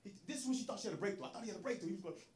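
A man's voice: sits high, lively intonation, racing, a little mellow, a little hiss or hum. A man doing a stand-up comedy set, acting out quotes and laughing often as he tells the story. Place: comedy club stage. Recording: echoey club with audience. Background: crowd laughing.

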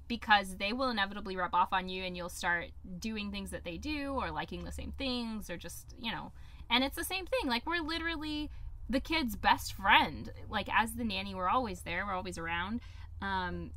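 A woman co-hosting a casual podcast chat, from Washington state, bubbly and quick to laugh as she talks about nannying. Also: medium pitch, sharp tone. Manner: bubbly, laughs often, acts out kids' voices.

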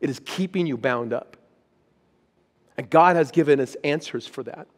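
A man's voice: medium pitch, moderate pace, long reverb tail. A man, a pastor, preaching a sermon, reading scripture with rising intensity and then speaking plainly to the congregation. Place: church auditorium.

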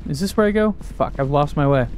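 A man's voice: on the high side, expressive, brisk, a little hiss or hum. A young man giving casual gaming commentary, joking crudely, talking to himself and yelping when startled. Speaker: gaming YouTuber.

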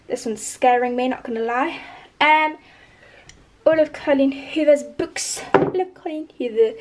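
A woman chatting in a bubbly, rambling way as a book vlogger. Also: high-pitched. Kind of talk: chatty vlog.

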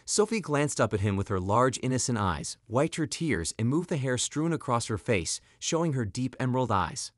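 Brief: male storytime narrator, animated pitch, dramatic and expressive, dry recording. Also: normal speed, few pauses, no room sound.

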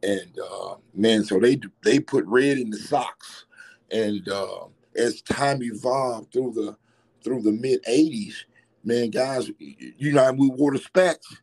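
Husky-voiced man telling old stories. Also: medium pitch, takes it slowly, rough recording. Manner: rambling, animated recollection with restarts. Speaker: former player interviewee. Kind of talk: casual storytelling.

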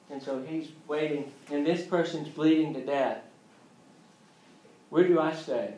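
A man's voice: fairly high pitch, measured pace, long pauses, darkish tone, echoey room, low-quality recording. A man teaching an EMT class in a casual lecture style, joking and acting out scenes as he goes. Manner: joking, acts out scenes with voices. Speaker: EMT instructor.

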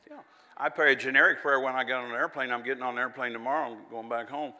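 Bright-voiced male preacher in a reverberant hall. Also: medium pitch, fairly even intonation, quick pace. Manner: folksy, conversational preaching with asides and laughs. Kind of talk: sermon.

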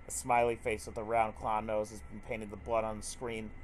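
A man's voice: lowish voice, completely flat delivery, moderate pace, a little hiss or hum. A man streaming a visual novel, reading the text aloud and reacting with frequent swearing. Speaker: let's play streamer.

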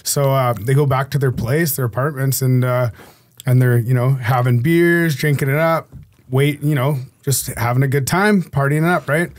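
A man's voice: medium pitch, normal speed. A man who is a former hockey player, telling a story as a podcast guest in a loose, rambling way full of fillers. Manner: rambling storyteller, many fillers like "you know". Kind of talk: casual anecdote telling.

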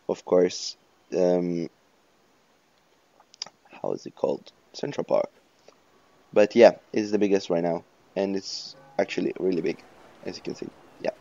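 Gravelly, rambling let's play guy. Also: lowish voice, mellow, no room sound, lo-fi sound. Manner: rambling, profane, self-mocking. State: hoarse. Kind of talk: casual game commentary.

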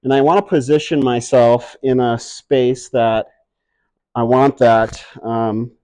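Slow-talking playful man vlogging at home. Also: mid-range voice, fairly even intonation, warm tone. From upstate New York. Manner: playful, self-mocking, rambling. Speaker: plant hobbyist vlogger. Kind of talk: casual vlog chat. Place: indoors, home with high ceilings.

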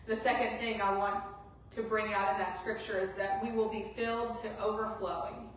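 A woman pastor preaching a sermon with passion, repeating phrases and moving between loud and hushed delivery. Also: mid-range voice, little pitch movement, normal speed, slight background noise. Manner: impassioned preaching with repetition, swinging from loud to hushed. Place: church sanctuary. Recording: far-off voice in a very echoey church room.

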